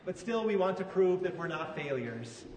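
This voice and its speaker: A man's voice: high-pitched, animated, moderate pace, a little mellow, slight background noise. A man preaching a sermon in a conversational way, asking his listeners questions. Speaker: pastor. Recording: echoey hall from far off, faint ambience.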